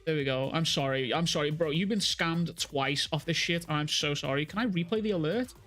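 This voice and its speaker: A young man live streaming, reacting to chat messages with excitable, heavily profane talk. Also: fairly high pitch, fairly quick, soft background music.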